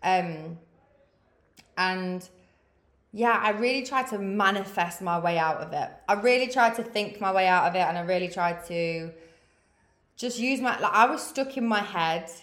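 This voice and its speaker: A woman's voice: mid-range voice, unhurried, a bit bright. Woman around thirty, swears a lot, big sis pep talk, roomy echo. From England. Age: 30s. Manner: frank, swears freely, big-sister tone. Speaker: podcast host. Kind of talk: candid motivational chat.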